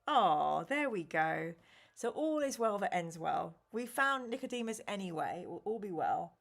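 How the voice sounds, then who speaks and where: A woman's voice: medium pitch, big pitch swings, normal speed, vocal fry. A woman hosting a live stream, reading an interactive gamebook aloud and reacting animatedly to chat and choices.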